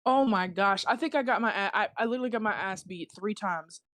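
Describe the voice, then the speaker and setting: Fast-talking young woman, dry sound. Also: medium pitch, dry recording. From South Carolina. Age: 20s. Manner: fast, swearing, animated storytelling. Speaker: guest musician. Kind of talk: casual podcast chat.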